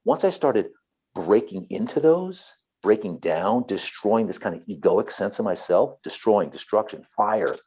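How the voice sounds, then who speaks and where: A man's voice: fairly low pitch, expressive, unhurried, dark tone, husky, lo-fi sound. A man, a therapist and author, talking earnestly and passionately as an interview guest, often repeating himself.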